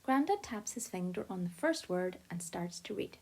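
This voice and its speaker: A woman narrating an audiobook in first person, with a lively, expressive telling. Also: mid-range voice, moderate pace, gravelly.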